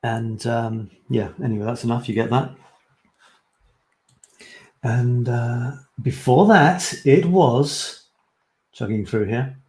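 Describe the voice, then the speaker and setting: A man's voice: mid-range voice, takes it slowly, long pauses, a little mellow. A middle-aged man hosting a live writing show, chatting casually and reading his own short pieces aloud with playful, self-mocking asides.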